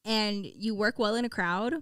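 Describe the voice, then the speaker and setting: A woman's voice: mid-range voice, moderate pace, clear, resonant tone, no room sound, clean studio sound. A woman co-hosting a casual podcast, who teases her partner and drops in Spanish words. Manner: teasing, expressive, mixes in Spanish words. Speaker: podcast co-host. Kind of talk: casual couple's podcast chat.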